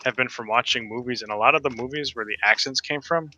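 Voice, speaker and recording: Bright-voiced easygoing man gamer. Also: medium pitch, muffled recording, slight background noise. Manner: easygoing, hesitant, halting restarts. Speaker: co-player. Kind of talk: casual chat while playing a game.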